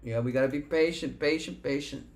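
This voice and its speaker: A man's voice: fairly high pitch, fairly quick, a little mellow. A man hosting a live trading stream, talking loosely and with profanity about the market and reading chat, breaking into chanted rap lines and muttering to himself. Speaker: livestream trader host.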